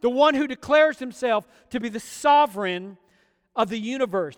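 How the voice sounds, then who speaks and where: Guy preaching in a church, really high smooth voice, gets fired up and stretches words out. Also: animated, big-room sound. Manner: fervent preaching, slows and swells on key phrases. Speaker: pastor. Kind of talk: sermon. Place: church sanctuary.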